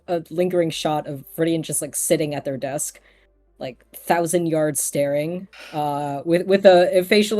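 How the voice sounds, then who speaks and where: Slow low-voiced woman game master. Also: darkish tone. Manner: rambling, lots of fillers, laughs easily. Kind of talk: narrating a tabletop role-playing game.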